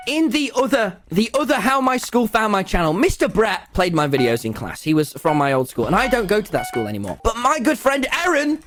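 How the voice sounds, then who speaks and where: A man's voice: high-pitched, fairly bright tone. A man telling a comedic story to his viewers, acting out the dialogue and laughing a lot. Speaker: video creator.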